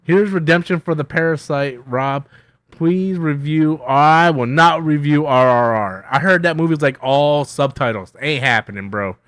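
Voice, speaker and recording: A male streamer rambles through viewer questions in a loose, profane, self-mocking way, his voice sitting a little high for a man. He jumps from loud outbursts to low mumbled asides and hums to himself between thoughts. The sound is dry and close, with no room around it. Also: a little slow, no room sound. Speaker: YouTube host answering viewer questions. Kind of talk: rambling casual livestream chat.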